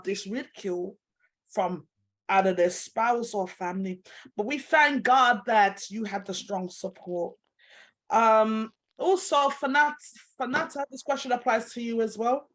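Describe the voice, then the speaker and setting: A woman's voice: mid-range voice, rough recording. A woman hosting an online panel discussion over a video call, speaking with emotion as she holds back tears. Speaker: host.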